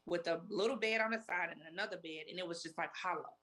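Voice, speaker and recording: A woman's voice: fairly low pitch, fast, a bit bright. A woman in her forties telling her personal story as an interview guest, emotional, repeating herself as she quotes past conversations. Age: 40s. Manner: emotional, retells talks in quotes with many repeats.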